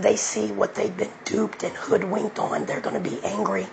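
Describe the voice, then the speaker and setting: A woman's voice: medium pitch, little pitch movement, moderate pace, creaky, hardly any pauses, background noise. A woman preaching with fiery, profane emphasis, then praying aloud. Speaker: online preacher. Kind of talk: impassioned preaching and prayer.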